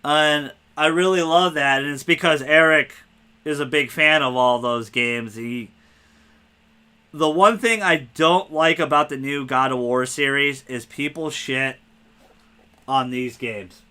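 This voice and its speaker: A man hosting a casual spoiler podcast, talking excitedly and rambling, cursing freely. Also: fairly high pitch, measured pace, clear, resonant tone. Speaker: podcast host.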